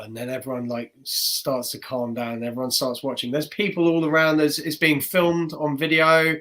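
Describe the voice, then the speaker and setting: A guy on a podcast telling a long story about a gig, lively, keeps slipping into other people's voices, mid pitch. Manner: animated, acts out the voices of people in his stories. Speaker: guest magician. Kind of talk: casual storytelling.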